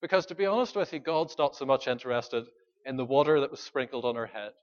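A man's voice: mid-range voice, expressive, fast talker, lo-fi sound. A man preaching a sermon, earnest and pleading, putting questions to the congregation. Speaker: pastor.

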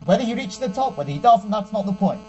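Rabbi-teacher, man, high mellow voice, animated storyteller, slightly lo-fi. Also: fast talker. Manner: animated storyteller who acts out quotes. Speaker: rabbi giving a Torah class. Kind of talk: storytelling sermon. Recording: dull with faint mains hum.

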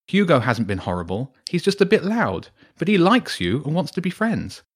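A man's voice: fairly high pitch, wildly swooping pitch, moderate pace, husky, voice pushed up, full character voice. A man voicing a firm, sensible schoolgirl who scolds her friend, in a bedtime story.

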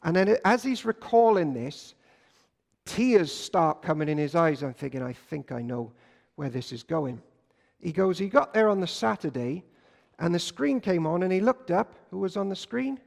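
A man preaching a sermon, telling stories and swinging between loud bursts and hushed lines. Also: high-pitched, animated, normal speed, creaky. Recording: long hall reverb.

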